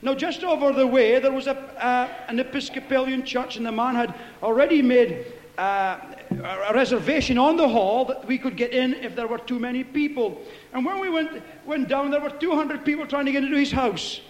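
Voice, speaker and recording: A man preaching a fervent Pentecostal sermon, telling stories and shouting hallelujahs. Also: very high-pitched, brisk, roomy sound, long reverb tail. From Scotland.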